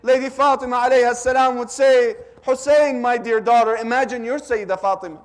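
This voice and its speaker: A man delivering a mourning sermon, telling a story slowly and urging the audience to repeat lines after him. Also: very high voice, fairly even intonation. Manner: slow, drawn-out, urges the audience to repeat lines. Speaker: speaker at a religious gathering. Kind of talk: mourning sermon with call-and-response.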